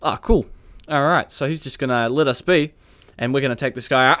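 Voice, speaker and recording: A man's voice: medium pitch, brisk, a bit bright. A man giving chatty gameplay commentary through a police roleplay, joking and laughing often and barking commands at suspects. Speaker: gaming video creator.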